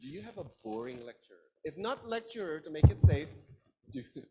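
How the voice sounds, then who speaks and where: A man's voice: a little high, a little fast, noisy background. A man lecturing a class in an interactive style, asking his audience questions. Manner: lively, engaging, asks the audience questions.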